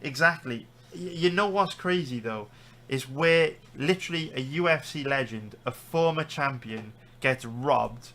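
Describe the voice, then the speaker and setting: A British-accented man holding forth on a live stream, his voice bright and forceful as he rants and swears heatedly. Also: medium pitch, a little slow. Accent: British English. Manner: heated, profane ranting. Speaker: sports betting streamer.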